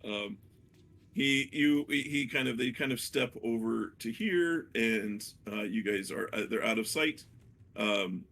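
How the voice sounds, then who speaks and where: A man narrating a tabletop game as dungeon master, hesitant and full of fillers, with a gravelly voice. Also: medium pitch, measured pace, a bit bright. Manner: hesitant, many fillers and restarts.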